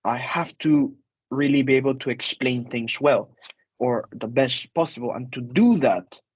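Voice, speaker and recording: A man's voice: medium pitch, a little slow, slightly rough, no echo, lo-fi sound. A man, an instructor, leading a casual group discussion over a video call, chatty, with fillers and repeated phrases.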